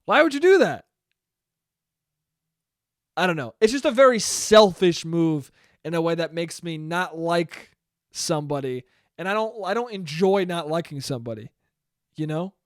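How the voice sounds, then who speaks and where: A man's voice: fairly high pitch, lively intonation, normal speed, clear, resonant tone, dry recording, clean studio sound. A man hosting his own solo podcast, talking casually in a rambling, profane, self-deprecating way. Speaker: podcast host.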